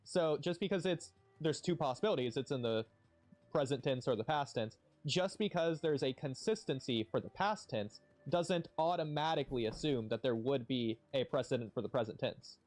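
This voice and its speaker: A man's voice: mid-range voice, animated, moderate pace, a little mellow. Man arguing a point in a debate. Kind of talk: debate argument.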